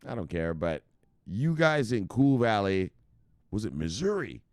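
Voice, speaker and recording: A man's voice: lowish voice, sing-song, unhurried, no echo, studio quality. A man hosting a crypto news show in casual, profane commentary, brash and laughing at his own jokes. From United States.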